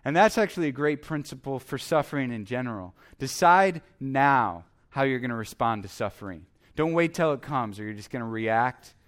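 A man's voice: mid-range voice, expressive, normal speed, few pauses. A man preaching a sermon as the pastor, earnest and emphatic, repeating his exhortations.

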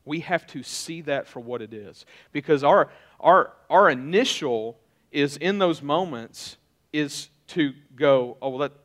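A man's voice: on the high side, lively intonation, takes it slowly, fairly bright tone. A middle-aged male pastor giving a conversational sermon, often repeating and restarting his phrases.

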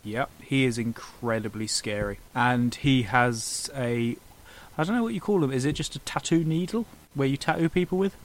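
A man with a mid-range voice, speaking at normal speed, narrates an improvised comedy story for a friend in a podcast-style chat. He often laughs at his own silliness. The recording quality is low.

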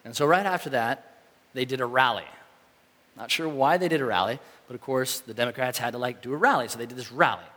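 A man preaching a sermon in a casual, animated way, acting out the reactions of the people in his story. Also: mid-range voice, quick pace, long reverb tail. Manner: animated, conversational, acts out quoted reactions. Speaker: pastor.

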